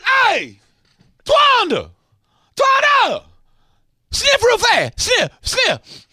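A man putting on a loud, excitable neighbor shouting from his front porch, with a drawling, wildly excited delivery. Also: very high voice, extremely slow, no room sound, studio quality, voice pushed up, exaggerated voice. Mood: overjoyed.

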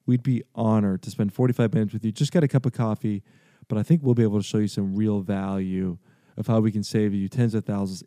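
A man hosting a radio finance show speaks in a low, mellow voice. He pitches persuasively and repeats numbers slowly and clearly. The sound is close and dry, like a studio microphone. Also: no echo. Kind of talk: radio show talk with call-in offer.

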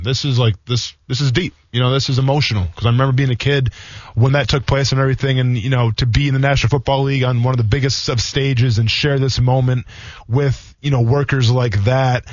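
Fast-talking former football player on radio. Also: male voice, mid-range voice, dry recording. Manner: fast, rambling storytelling with many fillers. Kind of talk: casual sports radio talk. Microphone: studio microphone. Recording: dull, dry radio studio sound.

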